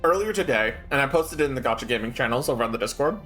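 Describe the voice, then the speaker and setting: A man streaming a game, chatting in an excitable, rambling way. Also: medium pitch, racing, soft background music. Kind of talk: casual chat while playing.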